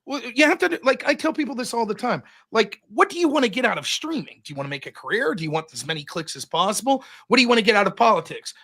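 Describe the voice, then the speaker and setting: A man in casual podcast chat, telling stories in an animated, profane way into a close mic. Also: extremely high pitch, fast talker, few pauses. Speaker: podcast host and debater.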